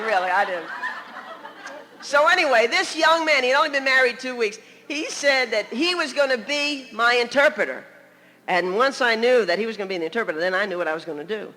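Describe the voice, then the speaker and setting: An older woman preaching a sermon, telling stories in a lively, laughing manner. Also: on the high side, brisk, background noise. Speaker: guest preacher. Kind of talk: humorous sermon storytelling. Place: church sanctuary. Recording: long church hall reverb.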